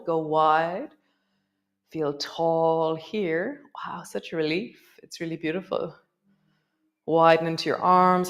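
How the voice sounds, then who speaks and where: A middle-aged woman guiding a yoga class with gentle, unhurried cues and soft laughs. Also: fairly low pitch. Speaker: yoga teacher. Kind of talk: guided yoga class instruction.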